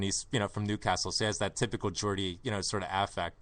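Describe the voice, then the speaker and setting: A man hosts a casual soccer podcast, talking in a loose, rambling way full of fillers and restarts. He puts on a jokey East London accent. His voice sits a little low but sounds bright and forceful, recorded dry and close. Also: fairly even intonation, fast talker, no room sound. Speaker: podcast host.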